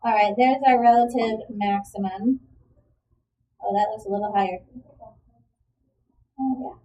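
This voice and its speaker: A woman with a high, bright voice walks a class through a math lesson, asking questions and praising the answers. She sounds a little far from the mic, as in a classroom recording. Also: steady tone, a little slow, lo-fi sound. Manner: encouraging, checks in with questions. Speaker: math teacher. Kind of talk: classroom lecture.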